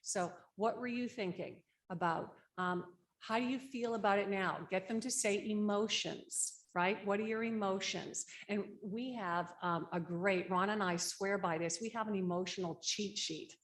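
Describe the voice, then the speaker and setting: A woman's voice: mid-range voice, moderate pace, few pauses. A woman leading a conference workshop on grief support. She explains the steps in a practical, conversational way and often checks in with "right?". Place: conference room.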